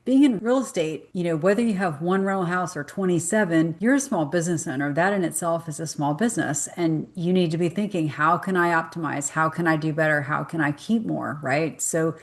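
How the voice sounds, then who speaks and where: Woman, lowish voice, business owner, casual presentation, animated storyteller, acts out quotes. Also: a little fast, few pauses. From Southeastern United States. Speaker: real estate business owner giving a presentation.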